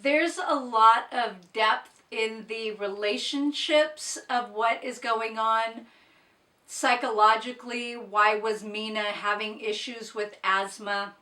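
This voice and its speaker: A woman talks through her recent books in a slow, unhurried way, giving blunt, opinionated asides. Her voice is bright and a little high. It was recorded at a distance from the mic in an echoey room. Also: steady tone. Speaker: book reviewer. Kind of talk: casual book wrap-up chat.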